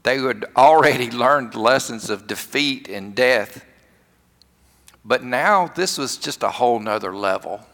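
A man's voice: medium pitch, pushed and bright, big-room sound. A man with a Southern US accent preaching a sermon, telling a story with emphatic repetition. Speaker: pastor.

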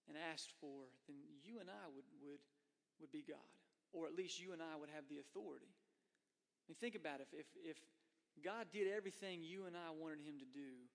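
A man preaching a conversational sermon as a pastor, slipping into voices for the people he quotes. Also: fairly high pitch. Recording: long hall reverb.

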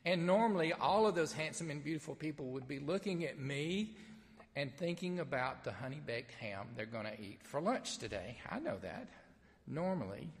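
A man with a Southern accent, a pastor from Mississippi, preaching an Easter sermon in a folksy storytelling way with gentle humor. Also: fairly high pitch, lively intonation, normal speed, long reverb tail. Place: sanctuary with only a few people present.

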